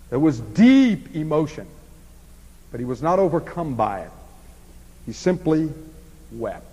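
A man delivering an expository sermon in a somewhat high voice, his pitch rising and falling widely. He swings from emphatic stretches down to near-hushed ones, and his voice rings out with a long hall reverb. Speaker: preacher.

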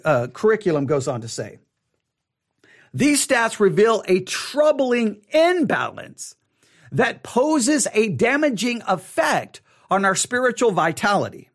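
A man hosting a podcast, teaching on Bible study in an emphatic way and repeating words for stress. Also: high voice. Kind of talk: spoken teaching.

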